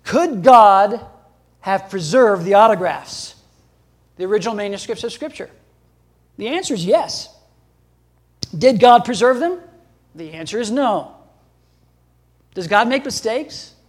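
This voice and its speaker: A male pastor delivering a sermon in a notably high voice. He preaches emphatically, jumping up in pitch and loudness to drive points home. He chuckles between points. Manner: emphatic, with sudden rises in pitch and volume.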